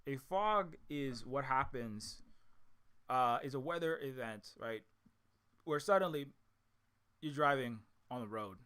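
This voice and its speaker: Man from Hawaii, bright tone, middle pitch, rambling solo talk, often repeats words and restarts. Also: expressive, measured pace, long pauses, smooth. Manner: repetitive, restarts often, ends points with "right?". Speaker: indie game developer talking to his audience.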